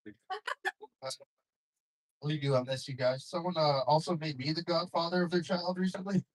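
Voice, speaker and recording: Young male stand-up comic, slightly high voice, dry delivery with chuckles. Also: fairly even intonation, normal speed, poor audio. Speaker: stand-up comedian. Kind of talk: stand-up comedy set. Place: comedy club stage with audience.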